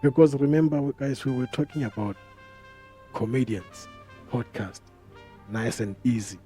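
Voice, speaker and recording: A man's voice: medium pitch, normal speed, mellow, faint music behind. A man hosting a podcast, talking casually in a rambling, profane way full of street slang. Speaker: podcast host. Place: podcast studio.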